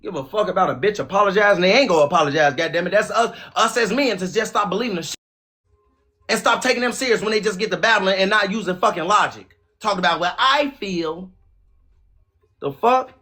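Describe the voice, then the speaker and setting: 快语速、音调偏高的愤怒男主持. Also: male voice, sits high, a little fast, pushed and bright. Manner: profane, aggressive, scornful. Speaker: podcast host. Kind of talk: heated opinion rant.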